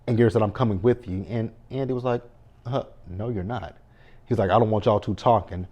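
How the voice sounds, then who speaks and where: A man's voice: lowish voice, fast talker, a little mellow, highs cut off. A man giving a casual, blunt, profane recap of a TV episode and talking back to the characters as he goes. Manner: blunt, profane running commentary. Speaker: TV show recapper.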